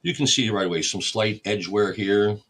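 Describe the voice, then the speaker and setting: A man's voice: on the low side, normal speed, a bit bright, slightly rough. A man hosting a record store livestream, casually explaining each step while he catalogs vinyl. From United States.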